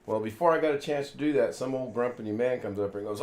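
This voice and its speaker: This American host talks quickly in a mid-range voice during a casual live chat, with slight background noise. He rambles through a lengthy anecdote, voicing what everyone said.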